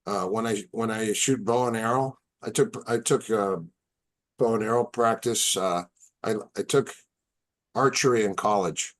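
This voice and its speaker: A man, a martial arts instructor on a podcast as a guest, telling stories in a casual, animated, halting way. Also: fairly low pitch. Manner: animated, halting, repeats words. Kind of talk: casual storytelling.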